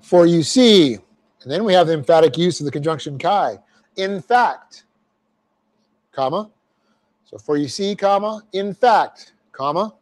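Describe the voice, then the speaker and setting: A man's voice: fairly high pitch, animated, unhurried, pauses often, a little mellow. A man teaching a verse-by-verse Bible class, explaining Greek grammar step by step with folksy asides. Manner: folksy asides, repeats phrases for emphasis.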